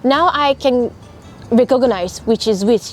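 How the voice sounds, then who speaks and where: A young woman speaking English as a second language, eager and giggly, with halting phrasing. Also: fairly high pitch, faint music behind. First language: Japanese. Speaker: guest. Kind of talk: casual chat.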